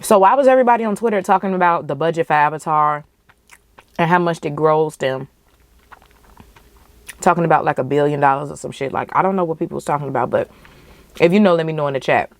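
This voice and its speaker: Podcast host, young woman, low voice, passionate casual movie reaction. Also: quick pace, long pauses. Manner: animated, emotional, profane, slangy.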